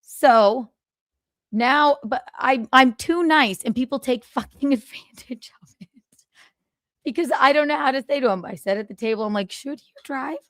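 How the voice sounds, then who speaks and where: A woman's voice: sits high, moderate pace, no echo, clean studio sound. A woman host telling a story in a casual livestream monologue, swearing freely and acting out both sides of the exchange. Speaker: podcast host.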